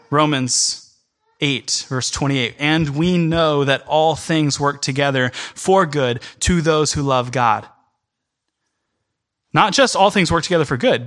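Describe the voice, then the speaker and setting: A man preaching a sermon in an earnest, emphatic way, speeding up in bursts and then slowing down. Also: fairly high pitch, animated, fairly bright tone. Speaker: pastor. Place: church in New York City.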